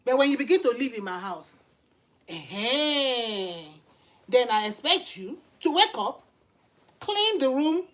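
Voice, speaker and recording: A woman's voice: high voice, big pitch swings, slow pace, long pauses, fairly bright tone. A middle-aged woman with a Nigerian accent, preaching informally and emphatically, firing off repeated rhetorical questions. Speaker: channel host and lay preacher.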